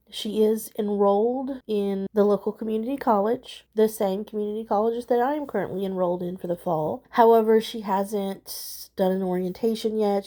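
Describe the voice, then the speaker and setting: A middle-aged woman vlogging to her viewers, candidly telling a personal story and growing animated as she recounts a confrontation. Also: medium pitch. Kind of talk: casual storytelling vlog.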